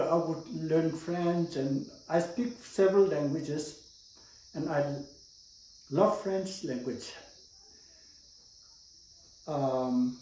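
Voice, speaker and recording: A man's voice: a little high, warm tone. A man with a Tibetan accent teaching a language lesson, patiently explaining rules step by step and repeating words. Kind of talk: slow spoken language lesson. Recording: echoey room, distant mic, faint noise.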